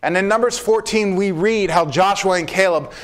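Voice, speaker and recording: A man preaching a sermon in a measured way, slowing for emphasis and calling his listeners beloved. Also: high-pitched. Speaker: pastor.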